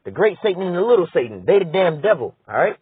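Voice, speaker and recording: A high-pitched, husky man rails against the news, swearing freely and talking back to what he reads. The sound is thin and tinny, like a phone line, and very dry. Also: very animated, fast, dry recording. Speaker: political commentator. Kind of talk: heated profane rant.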